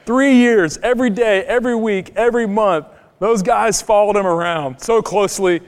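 A man's voice: sits high, normal speed, clear, resonant tone, long reverb tail. A man pastor preaching a sermon in a church, emphatic and full of rhetorical questions.

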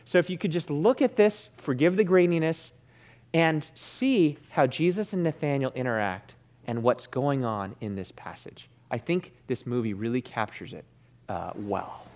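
A man preaching a sermon, praying and then reading scripture aloud in a conversational, animated way. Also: mid-range voice, normal speed. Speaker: pastor.

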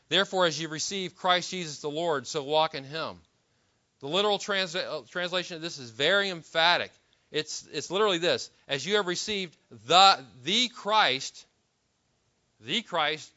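A man delivers a sermon with a bright, forceful voice pitched a little high. He preaches emphatically, restarting phrases and posing rhetorical questions. The recording is dull and lo-fi. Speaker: pastor.

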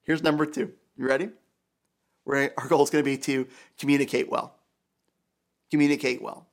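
A man's voice: medium pitch, steady tone, moderate pace. A man preaching a sermon as pastor, emphatic and repeating key phrases for weight.

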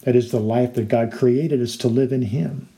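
Guy preaching a sermon, earnest, explains verses, acts out little stories, middle pitch. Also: steady tone, moderate pace, mellow. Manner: earnest and illustrative, acting out quoted voices. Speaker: pastor.

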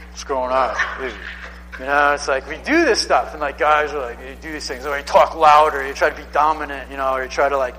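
A man's voice: fairly high pitch, a bit bright, long reverb tail, a little hiss or hum, rough recording. A man in his thirties preaching a sermon in a casual, conversational way, often repeating himself for emphasis. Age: 30s. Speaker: pastor.

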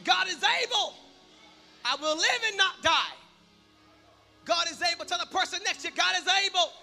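A man preaching a sermon, shouting in bursts and then dropping to quiet prayer. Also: extremely high pitch, moderate pace, gravelly. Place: church hall. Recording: long hall reverb with music behind.

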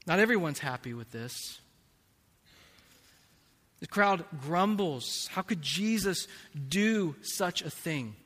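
Male pastor, high bright voice, slow deliberate sermon delivery; reverberant sanctuary. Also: expressive. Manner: slow, emphatic preaching with big swings in loudness. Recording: long reverb of a large hall.

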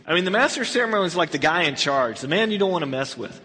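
A male Bible teacher preaches a verse-by-verse study, his fairly high voice leaping expressively. He tells the story like an animated storyteller. His words ring through a hall with long reverb. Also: racing, few pauses. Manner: animated storyteller who acts out scenes. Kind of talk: verse-by-verse sermon.

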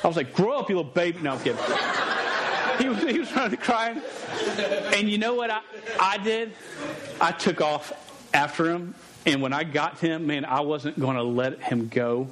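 A man's voice: fairly high pitch, moderate pace, long pauses, crowd noise. Joking, stammering man preaching a story. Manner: stammering, joking and animated, often restarting words. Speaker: pastor. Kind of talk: sermon with a storytelling aside.

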